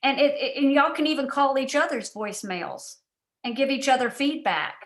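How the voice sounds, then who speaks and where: A woman with a somewhat high voice coaching her team in an animated, chatty way and wandering into asides. Her voice sounds roomy and echoey. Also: moderate pace. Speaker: guest speaker and coach. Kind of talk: coaching talk on a team call. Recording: roomy echo.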